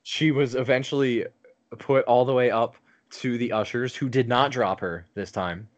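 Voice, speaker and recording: A man's voice: mid-range voice, moderate pace, dull audio. A man on a podcast telling a long story in casual chat, rambling with lots of fillers and swearing.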